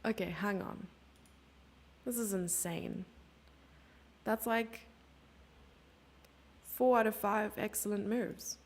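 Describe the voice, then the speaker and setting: A woman's voice: medium pitch, slow pace, pauses often. A woman streamer giving chatty live chess commentary, thinking aloud and sometimes dropping into a whisper.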